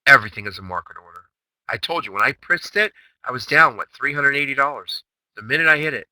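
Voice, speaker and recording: A man's voice: mid-range voice, expressive, fast, bright, forceful tone, no room sound, rough recording. A man hosting a day-trading chatroom recap, talking brashly and emphatically with lots of rhetorical questions. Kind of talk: recorded trading session recap.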